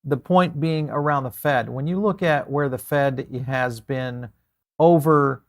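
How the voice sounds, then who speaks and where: A man's voice: mid-range voice, measured pace. A man hosting a finance interview who asks rambling, hesitant questions. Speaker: interview host.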